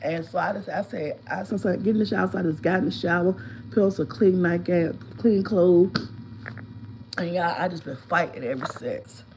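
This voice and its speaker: A woman's voice: lowish voice, normal speed, a little mellow, slight background noise, rough recording. A woman in her fifties with a head cold, sniffling and stuffed up, telling a long story while lying at home during a casual live stream and greeting viewers by name. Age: 50s.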